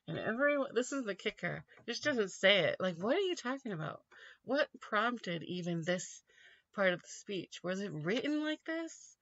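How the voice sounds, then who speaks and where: Comedic solo host, woman, slightly low and husky-fry voice, mocking and laugh-prone, dry close lo-fi sound. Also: very animated, normal speed, a bit bright, dry recording. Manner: mocking, rambling, laughs often.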